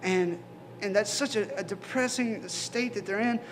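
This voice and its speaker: A young man in a band answering interview questions earnestly about his faith, halting and restarting often. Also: high-pitched, a little hiss or hum. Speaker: band member. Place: venue after a concert. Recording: music playing in background.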